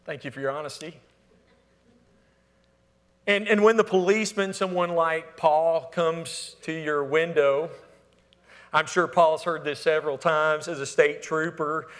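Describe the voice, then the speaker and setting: A man preaching a sermon as pastor, asking the congregation to fill in words and swinging between emphatic calls and hushed, near-whispered lines. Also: fairly high pitch, moderate pace, long pauses. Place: church sanctuary. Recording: long hall reverb.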